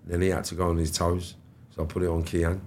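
Low-voiced middle-aged man, animated storyteller, salty language, podcast guest. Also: fast talker, slight background noise. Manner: animated, swears freely, acts out quoted dialogue. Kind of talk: storytelling interview chat.

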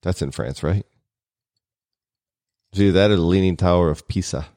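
A man's voice: low-pitched, moderate pace, dark tone, dry recording, studio quality. A young adult man co-hosting a podcast in casual banter, joking and rambling, laughing often. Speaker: podcast co-host.

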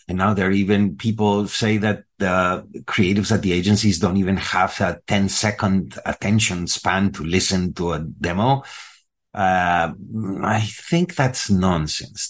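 A man's voice: low-pitched, fairly bright tone, slightly rough. A man from Latin America, a voice actor on a panel, telling candid stories and acting out his side of conversations. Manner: candid, anecdotal, acts out dialogue. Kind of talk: panel discussion.

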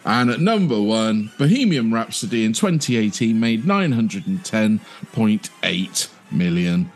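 A man co-hosting a podcast, reading out a ranked list and chatting with a quick laugh. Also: fairly low pitch, lively intonation, over music. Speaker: podcast co-host. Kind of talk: reading out a chart list, casual chat.

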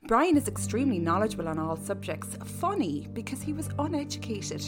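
A woman hosting a comedy show reads a book aloud, breaking off into animated, exclamatory asides. Her voice sits at a middle pitch, and music plays clearly behind her. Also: a little fast, few pauses. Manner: animated, exclamatory, mock-dramatic. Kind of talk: comedic reading aloud and chat.

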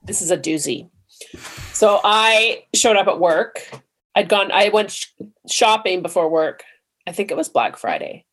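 A woman co-hosting a comedy podcast, telling a story in an animated way and swearing freely. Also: mid-range voice, unhurried. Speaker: podcast co-host. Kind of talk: casual storytelling chat.

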